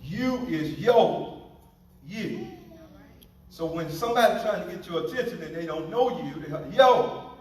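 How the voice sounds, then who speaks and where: A man's voice: high-pitched, expressive, normal speed, pauses often, darkish tone, heavy reverb, distant mic, slight background noise, poor audio. A man preaching a sermon as pastor, playful and joking with his congregation.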